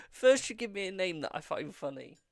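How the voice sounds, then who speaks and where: A man's voice: sits high, wildly swooping pitch, normal speed, creaky, dry recording, clean studio sound. Giggling man doing a tarot reading. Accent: British. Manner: giggling helplessly, breaking into laughter mid-sentence. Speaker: tarot reader. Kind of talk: live-stream card reading.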